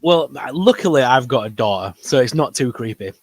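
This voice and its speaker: A man's voice: medium pitch, lively intonation, fairly quick. A man with a northern English accent, co-hosting a casual toy and geek news chat in a rambling, upbeat way. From northern England. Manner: rambling, upbeat, trails off humming. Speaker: co-host of a toy news show.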